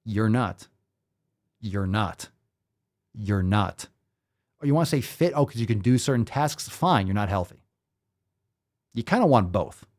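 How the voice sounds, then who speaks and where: A man's voice: lowish voice, animated, a little slow, pauses often, darkish tone. A man hosting a fitness show, ranting with profanity, incredulous and full of rhetorical questions. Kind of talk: ranting commentary.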